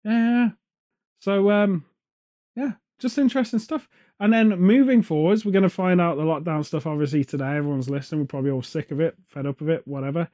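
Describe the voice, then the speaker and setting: A man hosts a podcast, chatting casually and drifting from one joke to the next. His voice sits high but sounds warm and mellow rather than sharp. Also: fairly even intonation, quick pace. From England. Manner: rambling, joking, off on tangents. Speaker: podcast host. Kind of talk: casual chat. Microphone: headphones on, studio mic.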